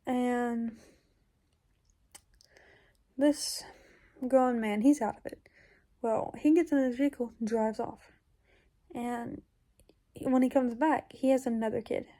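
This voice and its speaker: Rambling woman with a very dark, mellow voice. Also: fairly high pitch, steady tone, slow, pauses often. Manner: rambling, full of "like" fillers, drops into whispers. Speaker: YouTuber. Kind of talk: casual storytelling, recounting a dream.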